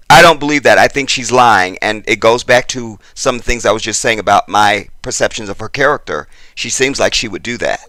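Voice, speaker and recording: Bright-voiced, excitable male commentator. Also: fairly low pitch, brisk, hardly any pauses, no echo. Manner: excitable, repeats himself, gets worked up; talks straight to viewers. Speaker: channel host. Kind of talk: casual commentary.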